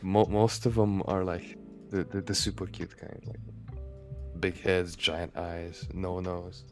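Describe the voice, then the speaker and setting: A man's voice: sits low, level tone, slow pace, soft background music. A young man co-hosting a casual stream chat, talking like a keen fan and filling with "like" a lot. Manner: chatty anime fan, says "like" a lot.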